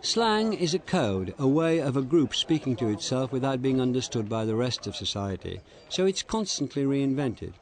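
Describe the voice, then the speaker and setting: A man narrating a history documentary in a measured, deliberate way. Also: medium pitch, big pitch swings. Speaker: documentary presenter.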